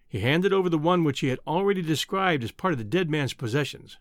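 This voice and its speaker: Man reading a novel aloud, first person, bit high voice, bouncy pitch, really dry close mic. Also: animated, fast talker, few pauses, dry recording. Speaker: audiobook narrator. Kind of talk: scripted first-person narration.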